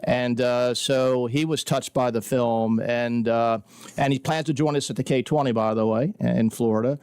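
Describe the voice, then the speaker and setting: A man's voice: mid-range voice, steady tone, normal speed, darkish tone, clear, resonant tone, dry recording. A male guest on a radio show, talking earnestly at length with many fillers. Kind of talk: radio interview.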